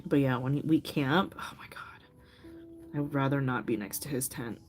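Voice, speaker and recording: A woman's voice: very deep voice, normal speed, a little mellow. A middle-aged woman hosting a craft livestream, chatting casually with viewers, laughing often and telling loose stories full of fillers. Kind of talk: casual chat with live viewers. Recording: faint music behind.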